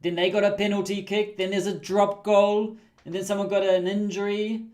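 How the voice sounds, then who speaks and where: Chatty New man with high pitch. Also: normal speed. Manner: chatty, laughs often, excited asides. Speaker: livestream host. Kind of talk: casual game commentary.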